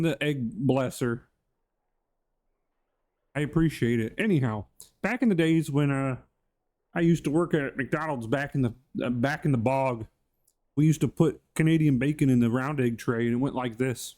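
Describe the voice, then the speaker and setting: A man's voice: mid-range voice, a little mellow. A man streaming live and hosting his channel, chatting casually in a rambling, goofy way and greeting viewers by name.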